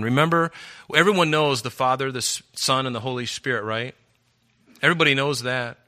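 A man's voice: mid-range voice, steady tone, brisk, pushed and bright. A male preacher giving a sermon, earnestly reading Bible verses aloud and explaining them.

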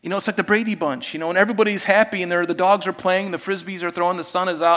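A man preaching a sermon, animated, swinging between loud emphasis and quiet asides. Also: sits high, racing, few pauses. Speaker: pastor.

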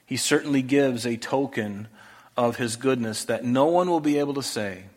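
A male pastor preaching a sermon earnestly, often dropping to a soft voice for rhetorical questions. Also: mid-range voice, normal speed.

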